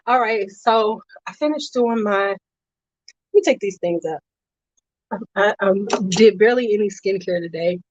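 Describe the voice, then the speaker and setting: A woman's voice: medium pitch, no room sound. A young adult woman chatting casually on a beauty and fragrance livestream, greeting viewers by name and dropping slangy asides. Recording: slightly dull, dry home recording.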